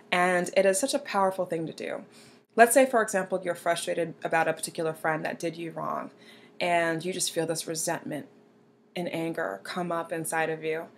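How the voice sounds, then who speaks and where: A young woman talks straight to the viewer with earnest encouragement, as she gives self-help advice. Her voice sits fairly low for a woman. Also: slight background noise. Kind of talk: motivational advice talk.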